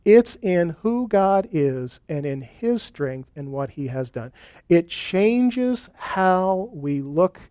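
High-voiced man preaching earnestly. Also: no room sound. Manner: earnest, conversational preaching with deliberate pauses and lists. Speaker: pastor. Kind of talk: sermon. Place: church.

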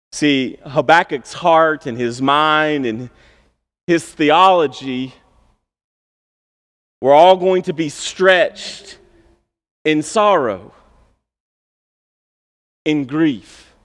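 High-voiced pastor preaching in a hall. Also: male voice, a bit bright. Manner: conversational, storytelling, with bursts of emphasis. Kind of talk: sermon. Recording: long hall reverb.

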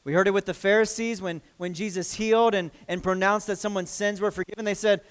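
A man's voice: high-pitched, fairly even intonation, fairly quick, hardly any pauses, fairly bright tone, clear, resonant tone. A man preaching a sermon as a pastor, earnest and conversational, often restarting phrases. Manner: earnest preaching with frequent restarts and acted quotes.

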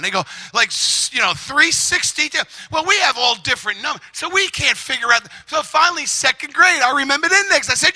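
A middle-aged man preaching a lively testimony sermon, shouting and animated, acting out quotes as he tells the story. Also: very high voice, fairly quick, poor audio.

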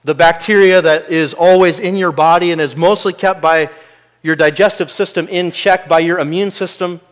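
A man preaching a sermon in an earnest way, moving between quiet asides and loud, emphatic peaks. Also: on the high side, fairly even intonation, normal speed.

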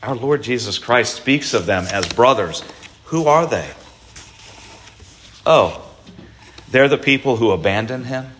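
Slow, deliberate male preacher. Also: mid-range voice, lively intonation, fairly bright tone, slight background noise. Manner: deliberate, emphatic preaching with rising stress. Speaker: pastor. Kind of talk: Easter sermon.

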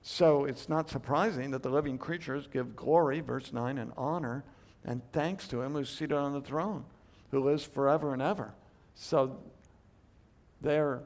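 A man teaching a Bible study lecture, emphatic, moving between loud stresses and hushed asides, asking rhetorical questions and restarting his phrases as he thinks aloud. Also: medium pitch.

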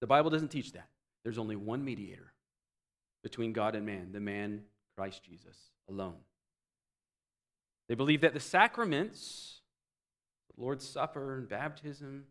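A man preaching a teaching sermon, explaining doctrine and swinging between loud emphatic phrases and quiet low asides. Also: big pitch swings, unhurried, pauses often. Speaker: pastor.

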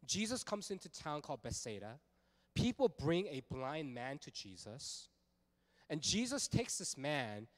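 A man preaching a sermon as pastor, telling a story in a casual, animated way with lots of fillers. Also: fairly high pitch, big-room sound.

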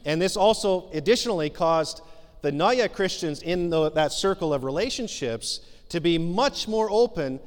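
A man preaches a sermon from the pulpit, his voice sitting a little high for a man. He talks earnestly and conversationally, leaning on frequent filler pauses. The sound carries a long reverb, as from a church sanctuary. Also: expressive. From Canada. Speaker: pastor.

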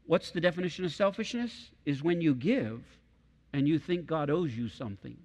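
A man's voice: a little high, expressive, moderate pace, a little mellow. A middle-aged man preaching a sermon as pastor, emphatic and repeating key phrases for weight. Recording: long hall reverb.

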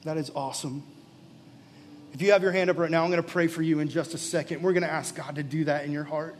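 A man preaching a sermon live to a gathering, moving into an altar call and prayer, earnest and pleading, often dropping to soft, intimate tones. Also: a little high, steady tone, fast talker, slight background noise. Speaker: pastor. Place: church or youth gathering, live.

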